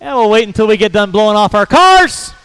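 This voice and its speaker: High-voiced jokey race announcer man. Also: very animated, a bit bright, clean tone, no echo, faint music behind, rough recording. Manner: brisk, jokey, calls names in quick runs. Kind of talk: live race commentary.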